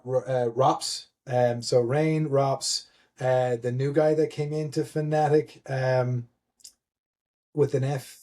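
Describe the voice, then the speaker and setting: A man's voice: medium pitch, warm tone. A man guest telling stories in a casual interview, rambling with many restarts and fillers, laughing and swearing freely. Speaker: guest, event admin.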